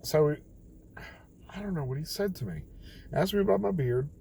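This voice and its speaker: A man's voice: a little high, lively intonation, moderate pace, gravelly, mellow, a little hiss or hum, poor audio. A young man telling a rambling, self-deprecating story late at night, tired and quoting others as he goes. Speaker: vlogger.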